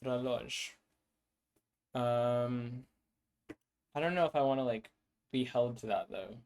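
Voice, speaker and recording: A man's voice: mid-range voice, measured pace, darkish tone, clear, resonant tone. A man streaming his language-building work, thinking aloud hesitantly with many fillers and restarts, sounding words out to himself. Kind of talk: thinking aloud while working.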